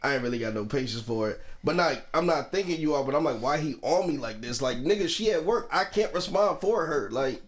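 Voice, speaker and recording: A man's voice: a little high, expressive, brisk, few pauses. A young man co-hosting a podcast, telling a story in loose slang, rambling and laughing often. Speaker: podcast co-host. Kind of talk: casual podcast banter.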